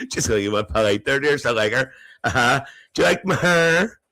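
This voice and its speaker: A man's voice: mid-range voice, lively intonation, moderate pace, bright, forceful tone, low-quality recording. A man playing a gossipy, cheeky older auntie who hosts a live comedy stream, chatting and teasing the viewers and laughing between lines.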